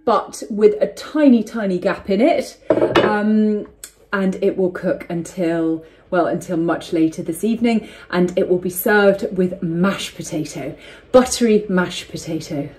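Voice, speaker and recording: A woman's voice: on the low side, measured pace, darkish tone, low-quality recording. A woman, chatting through a cooking demonstration in her home kitchen, instructive and filled with ums. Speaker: cooking vlogger.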